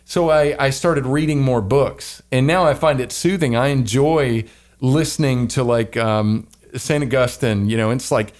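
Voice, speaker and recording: A middle-aged man with a faint Southern lilt talks at a moderate pitch, rambling and circling back on his thoughts. He trades jokes with his co-host in a loose, casual podcast chat. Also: unhurried, darkish tone. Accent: light Southern American. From American South. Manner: rambling, self-interrupting, joking.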